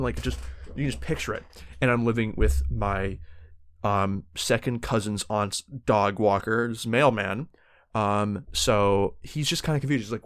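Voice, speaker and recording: A man's voice: lowish voice, fairly even intonation, normal speed, no echo. A young man from Canada, a podcast co-host, improvising a silly story in a rambling, joking way with many restarts.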